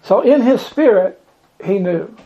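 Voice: medium pitch, expressive, measured pace, highs cut off. A Bible study leader teaching in a loose, folksy way, chuckling often and acting out scripture lines in bigger voices.

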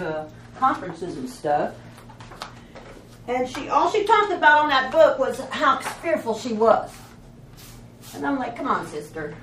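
A woman's voice: fairly high pitch, reverberant, a little hiss or hum. A woman teaching a Bible study in an informal, folksy way, telling stories and asking rhetorical questions.

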